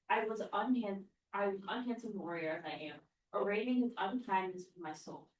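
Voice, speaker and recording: Woman student as an anxious young noblewoman, halting class reading, distant roomy sound. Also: medium pitch, slight background noise, natural voice. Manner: halting, stumbles over old verse. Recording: roomy classroom, mic far off.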